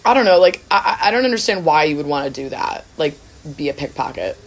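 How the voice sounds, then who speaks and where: Low-voiced young woman, casual chat. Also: lively intonation, fast talker. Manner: casual, lots of filler "like". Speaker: podcast host.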